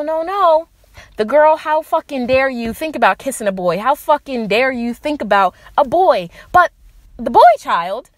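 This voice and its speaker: Young woman podcaster, furious and sarcastic, swears constantly, higher voice, dead-dry sound. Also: a bit bright, dry recording. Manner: angry, profane, sarcastic. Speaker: podcast host. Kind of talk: impassioned solo rant.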